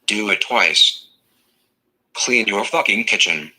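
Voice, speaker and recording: This is a synthetic male voice that reads viewer messages aloud. It keeps a flat, evenly paced machine delivery. The tone sits a little low and sounds very bright and sharp. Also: slow pace, low-quality recording. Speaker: text-to-speech reader of viewer messages.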